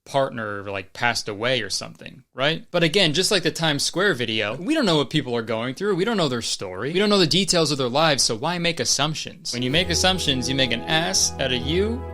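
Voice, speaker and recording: A young man giving a sarcastic, animated comedy commentary rant, swearing often. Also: mid-range voice, a little fast, hardly any pauses.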